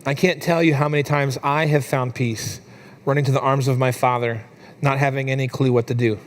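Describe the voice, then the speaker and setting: A young adult man preaching a sermon in a church, telling a family story with lively, animated delivery. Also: medium pitch, a little fast. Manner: storytelling, animated when quoting his daughter. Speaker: pastor.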